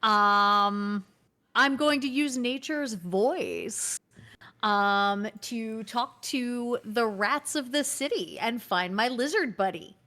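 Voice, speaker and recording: A woman playing a character in a tabletop game, speaking earnestly and pausing on fillers as she works things out. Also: on the high side, pushed and bright. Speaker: player. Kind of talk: in-character tabletop role-play.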